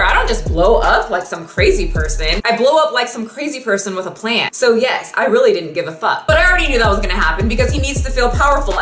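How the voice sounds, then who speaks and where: A young woman telling a personal story on her vlog, animated, sarcastic and full of swearing. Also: a little high. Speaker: vlogger. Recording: echoey room with music. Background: music.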